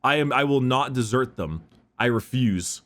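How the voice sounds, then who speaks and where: A man's voice: medium pitch, lively intonation, moderate pace, fairly bright tone, close to an everyday voice. A man voicing an earnest, stubborn male gladiator leader in a raised, insistent voice. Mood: defiant.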